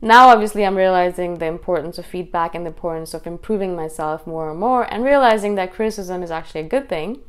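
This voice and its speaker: Woman vlogger, rapid passionate delivery, smooth clear voice, casual monologue. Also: lowish voice. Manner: fast, intense, animated delivery. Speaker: YouTube host. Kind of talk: casual talking-head monologue.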